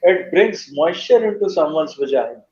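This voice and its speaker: A man's voice: fairly high pitch, expressive, normal speed, warm tone. A man in a casual online voice chat, talking in formal, wordy phrases with many hesitations. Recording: echoey, muffled voice chat audio.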